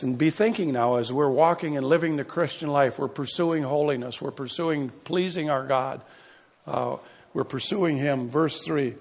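A man's voice: a little high, a little slow. A man preaching a sermon as pastor, impassioned and building to emphatic peaks. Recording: long hall reverb.

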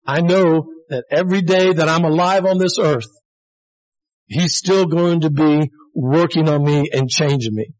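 Calling his listeners "folks," this plain-spoken man in his sixties preaches an earnest, conversational sermon. His voice is on the high side, a little mellow, and slightly slow. It's captured on a dull lo-fi recording.

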